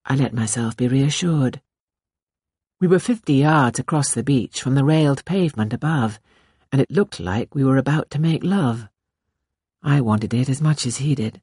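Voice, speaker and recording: A woman narrating a novel in the first person, in a measured, intimate reading style. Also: a bass voice, dark tone, slightly rough, dry recording, clean studio sound. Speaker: audiobook narrator. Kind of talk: scripted narration.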